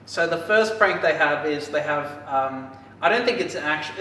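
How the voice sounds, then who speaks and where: A man casually recapping a book for a podcast, rambling and animated, with lots of filler words. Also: a little high, normal speed. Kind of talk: casual chat. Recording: echoey room, distant mic, faint hiss.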